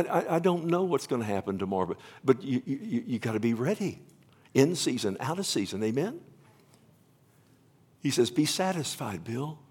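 A man in his fifties preaching a sermon, rambling with restarts, then building to loud, emotional proclamation and pleading. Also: mid-range voice, husky. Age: 50s. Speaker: pastor. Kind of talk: sermon with altar call.

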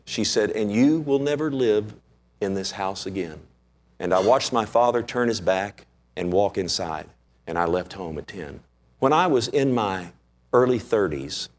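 A man preaching a sermon, explaining scripture and acting out its characters. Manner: animated, acts out scripture characters; pitch swings widely for emphasis.

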